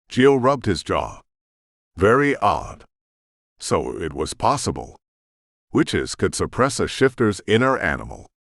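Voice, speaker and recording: A man narrating a romance audiobook in an expressive, scripted style. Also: low voice, measured pace, no room sound, clean studio sound.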